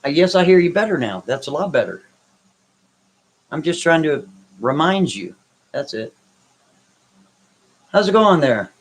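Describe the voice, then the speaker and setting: A man's voice: on the high side, big pitch swings, a little slow, pauses often, low-quality recording. A man hosting a live stream, answering viewers' comments in a blunt, brash, dismissive way. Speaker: livestream host reading chat. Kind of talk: casual live chat.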